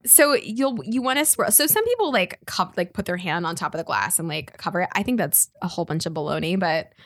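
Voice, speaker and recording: A woman's voice: fairly low pitch, lively intonation, brisk, no room sound. A woman sommelier guest casually explaining wine tasting, chatty with lots of fillers. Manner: chatty and laughing, full of fillers.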